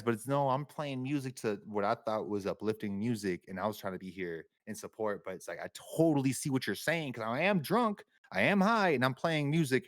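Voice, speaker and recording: A man's voice: medium pitch, no echo. A young man, talking casually as a podcast guest, rambling and slangy, with lots of swearing. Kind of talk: casual chat.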